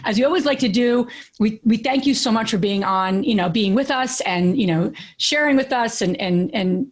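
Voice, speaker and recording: A woman in her thirties co-hosting a podcast, telling stories in an animated way with many fillers and restarts. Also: a little high, moderate pace. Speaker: podcast co-host. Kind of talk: casual podcast chat.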